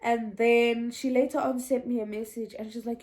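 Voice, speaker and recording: A woman's voice: fairly high pitch, steady tone, fairly quick, hardly any pauses, a little mellow. A young woman telling a casual storytime vlog, chatty and meandering, often restarting and laughing. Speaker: vlogger.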